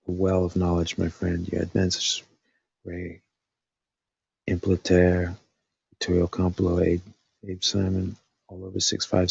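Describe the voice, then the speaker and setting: A man's voice: low voice, creaky, breathy edge, no room sound, highs cut off. A man hosting a casual live stream, thinking aloud with lots of fillers, his voice dry after talking all night.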